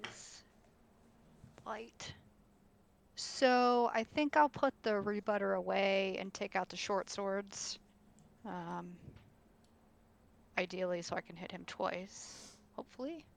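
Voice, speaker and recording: A woman's voice: mid-range voice, steady tone, takes it slowly, vocal fry, long pauses, slight background noise. A woman playing a tabletop game, thinking aloud hesitantly with fillers. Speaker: player. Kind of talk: casual tabletop game chat.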